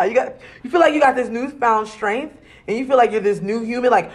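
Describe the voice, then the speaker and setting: A woman from Arizona in casual chat, telling an animated, slangy story and laughing often. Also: fairly high pitch, moderate pace.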